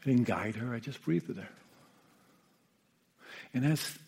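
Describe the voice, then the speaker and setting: A man, a meditation teacher who sat with the dying, gives an unhurried, reflective talk, often checking in with his listeners. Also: mid-range voice, animated, gravelly, breathy edge. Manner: gentle, unhurried, often asks "Yeah?" and "you know". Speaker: meditation teacher and hospice caregiver.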